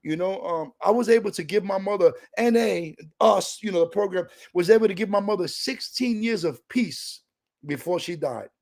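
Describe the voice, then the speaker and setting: Gravelly high-voiced New man. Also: moderate pace, darkish tone. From New York, Puerto Rican family. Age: middle-aged. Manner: streetwise, emotional, casual storytelling. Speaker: recovery speaker. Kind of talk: personal recovery talk.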